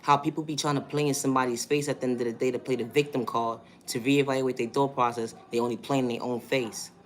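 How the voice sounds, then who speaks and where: A man's voice: medium pitch, steady tone, quick pace, slight background noise. A man with a New York accent, talking through a monologue vlog in an emphatic, repetitive way and asking rhetorical questions.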